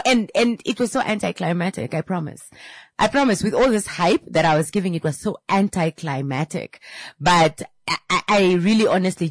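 A woman in her thirties teaches in a casual, chatty way. Her voice sits low and a little husky, recorded dry and close. She acts out the voices in her stories and mixes in slangy asides. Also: no room sound. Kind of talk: casual lesson with anecdotes.

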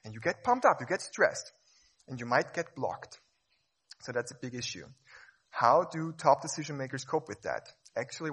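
A man giving a lively, playful stage talk, acting out examples as he explains. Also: medium pitch, slightly rough. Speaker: speaker.

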